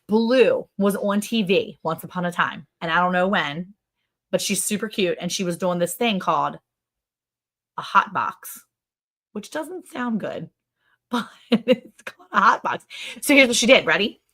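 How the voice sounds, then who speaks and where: A middle-aged woman hosting a casual livestream chat. She is chatty, quick to laugh, and fills her talk with "like". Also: on the low side, lively intonation, a bit bright. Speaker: ranch channel host.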